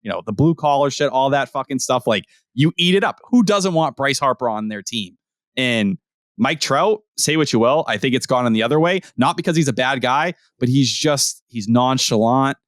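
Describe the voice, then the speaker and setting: A man co-hosts a podcast in loose, swearing sports talk, firing off opinions at a steady middle pitch. His voice is close and dry, with no room sound around it. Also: no echo. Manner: animated, profane, rapid-fire opinions. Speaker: podcast co-host. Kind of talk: casual sports chat.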